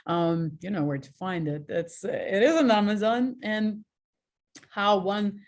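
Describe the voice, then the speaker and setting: A woman in her forties from Russia with a Russian accent, telling frank personal stories as a guest, animated and laughing at herself. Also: mid-range voice, a little slow. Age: 40s. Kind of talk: candid personal storytelling.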